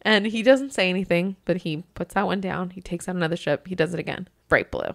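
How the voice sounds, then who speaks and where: Casting: animated woman podcast host in her thirties, bright tone, laughs a lot while storytelling. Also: lowish voice, a little fast, vocal fry. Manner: animated, acts out quotes, laughs often. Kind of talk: casual storytelling chat.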